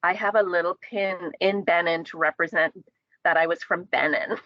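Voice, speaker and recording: A woman's voice: fairly low pitch, fairly even intonation, normal speed, highs cut off. A woman from the Caribbean talking in a casual panel discussion, thoughtful and full of fillers and restarts.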